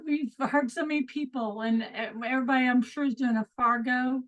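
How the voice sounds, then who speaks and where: A woman's voice: high voice, fairly even intonation, brisk. A middle-aged woman from Texas with a Texan accent, hosting an upbeat, chatty online coaching call with easy fillers. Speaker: host. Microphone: video call. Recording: lo-fi video call audio.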